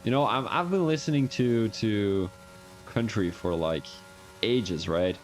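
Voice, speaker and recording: Low-voiced Belgian man, rambling and joking. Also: a little slow, soft background music. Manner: rambling, joking, self-mocking. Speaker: sim racing league streamer. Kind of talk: live-stream race commentary.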